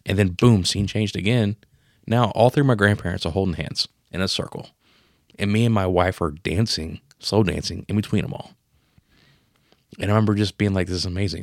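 A man in his thirties telling a personal story on a podcast, emotional and profane, marking each scene change with a sudden boom. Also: vocal fry, no room sound, clean studio sound. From Pennsylvania. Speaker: podcast co-host. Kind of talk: casual storytelling.

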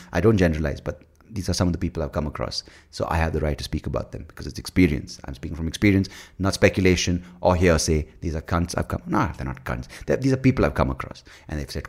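Deep-voiced man, profane rambling. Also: big pitch swings, brisk, creaky, darkish tone. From India. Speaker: podcast host. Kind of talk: solo podcast rant.

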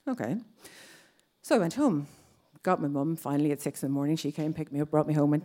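A woman's voice: sits low, animated, fast, dark tone. A woman in her thirties with an Irish accent, telling a personal story on stage and acting out other people's lines. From Ireland.

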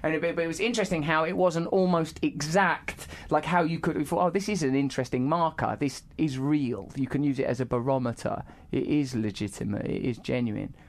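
A man's voice: on the high side, steady tone, brisk, few pauses. A man hosting a podcast interview, talking in loose, rambling sentences full of fillers. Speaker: podcast host. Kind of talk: casual interview conversation.

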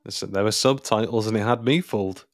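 A man co-hosting a casual film podcast, agreeing and talking in halting, hesitant phrases. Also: fairly low pitch, no room sound, studio quality. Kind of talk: casual film-review chat.

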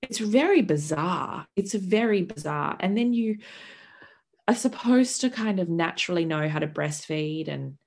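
A woman in her thirties, a podcast guest, telling a vivid, expressive story in candid conversation, swearing freely and acting out the voices of others. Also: fairly low pitch, measured pace, gravelly.

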